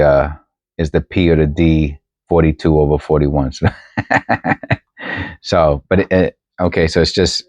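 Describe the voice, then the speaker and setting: With a rumbling low, somewhat mellow voice, this coin-collecting vlogger rambles as he sorts his coins at home, thinking out loud and frequently starting over. He's using a new desk microphone, and the recording is dry.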